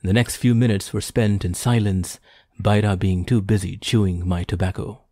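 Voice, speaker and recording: A man narrating an audiobook in a measured, formal storytelling manner. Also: fairly low pitch, fairly even intonation, dark tone, dry recording. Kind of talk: scripted narration.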